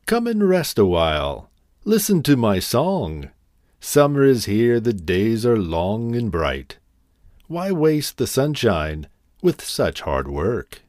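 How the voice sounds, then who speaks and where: A carefree grasshopper, voiced by a man reading a storybook, coaxing in a raised, singsong voice. He drawls slowly, his pitch swinging widely. The sound is close and dry. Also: big pitch swings, a little mellow, no room sound. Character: carefree male grasshopper, playful and lazy.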